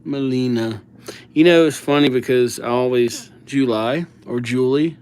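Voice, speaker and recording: A man running a relaxed livestream, reading viewer names aloud as he writes. He talks slowly and unhurriedly in an ordinary mid-range voice, easygoing and chatty into a desk microphone. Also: medium pitch, clean tone. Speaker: livestream host. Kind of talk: casual livestream chat.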